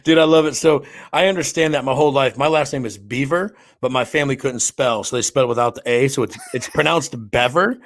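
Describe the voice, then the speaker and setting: A man's voice: medium pitch, fast talker, few pauses. A man hosting a casual podcast interview, friendly and chatty, saying "dude" and "man" a lot. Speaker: podcast host.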